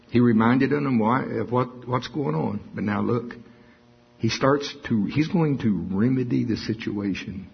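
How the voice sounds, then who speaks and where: A man delivers a sermon in a deeply husky, breathy voice. He reads scripture with drama, acts out the quotes and chuckles between lines. The recording is dull and lo-fi. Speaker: preacher.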